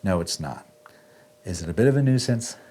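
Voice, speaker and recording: Chatty low-voiced man demoing synth gear. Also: brisk. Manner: relaxed, chatty, says "right?" often. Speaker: music gear video host. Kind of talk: casual gear walkthrough. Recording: faint synth music underneath.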